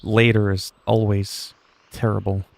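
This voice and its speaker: A man's voice: on the low side, little pitch movement, a little slow, creaky. A man in his forties chatting casually on a game livestream, rambling, with crude joking asides. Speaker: game streamer.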